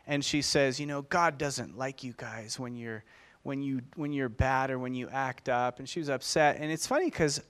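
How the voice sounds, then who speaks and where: Pastor, man, slightly high voice, earnest and conversational sermon delivery with repeated phrases.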